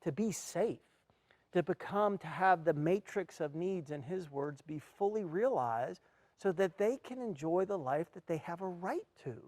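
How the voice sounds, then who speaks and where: Man, motivational talk, earnest storyteller, acts out his reactions, fairly high pitch, dry close mic. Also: a little mellow, no room sound. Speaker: speaker at an education event.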